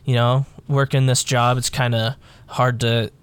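Man, mid pitch, easygoing chat, dry sound. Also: flat delivery, a little slow, clear, resonant tone, dry recording. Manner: easygoing, retells conversations. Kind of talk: casual chat.

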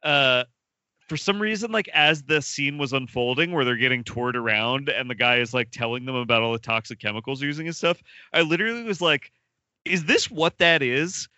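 A man's voice: medium pitch, moderate pace, pushed and bright, no room sound, highs cut off. A man co-hosting a casual film podcast, rambling with lots of filler words and laughing at his own jokes. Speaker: podcast co-host.

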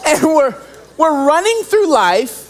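A young man preaching a sermon as pastor, animated and joking, acting out little scenes as he goes. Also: very high voice, slow pace.

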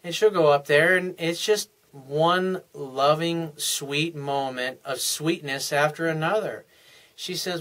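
A man's voice: on the high side, takes it slowly, a bit bright. A man giving relationship advice in an unscripted monologue, earnest and frank, explaining things step by step in casual, plain language.

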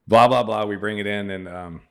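Deep-voiced middle-aged man telling a story. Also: brisk, creaky, clean tone. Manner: animated anecdote teller, acts out other people's lines. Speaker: podcast guest. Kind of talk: casual storytelling.

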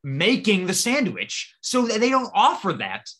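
Animated, swearing podcast co-host man. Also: high-pitched, unhurried. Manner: animated, profane, argumentative. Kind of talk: casual chat.

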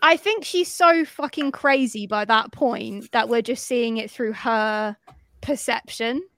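A woman co-hosting a podcast, recapping a film in casual chat, animated and sweary, acting out the characters' lines. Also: on the high side, a little slow, dry recording, clean studio sound. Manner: animated storytelling, acts out quotes, swears freely. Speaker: podcast co-host.

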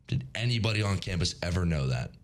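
A man's voice: deep voice, animated, fast talker. A young man co-hosting a college radio show, telling stories as a sarcastic rant. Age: young adult. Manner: ranting storyteller, sarcastic. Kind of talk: casual morning radio chat.

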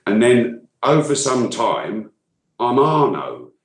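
A man's voice: mid-range voice, sing-song, slow pace, roomy sound. A man with a London accent, a voice actor chatting enthusiastically as an interview guest, often restarting his sentences. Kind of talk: casual interview chat.

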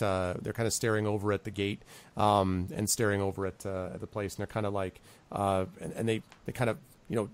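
A man narrating a tabletop role-playing game as game master, with many ums and asides. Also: clear, resonant tone. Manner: rambling, lots of ums, pitches up for quoted characters.

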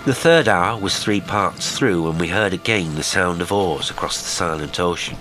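A man reading a horror story aloud, with measured, dramatic storytelling. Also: deep voice, fairly bright tone, faint music behind, low-quality recording. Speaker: podcast narrator. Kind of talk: scripted horror narration.

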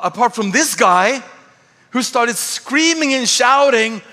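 A man pastor with a Swedish accent, telling a humorous story in a sermon, animated and self-mocking. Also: sits high, normal speed. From Sweden. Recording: church hall reverb.

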